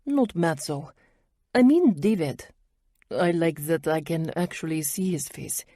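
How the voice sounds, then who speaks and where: A woman's voice: low-pitched, expressive, measured pace, dark tone, dry recording, clean studio sound. A woman voicing a flirty, tipsy French woman with a thick French accent who teases boldly. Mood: teasing. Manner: teasing, bold and uncensored.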